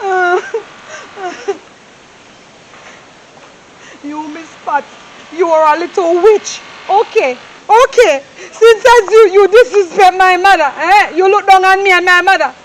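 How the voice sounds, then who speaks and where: A woman playing a young Jamaican maid who begs and pleads through tears. Her voice is very high, and she keeps ending her phrases with a plaintive "oh". There is faint noise behind her. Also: normal speed, rough recording. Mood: resentful. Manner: pleading, tearful, ends phrases with "oh".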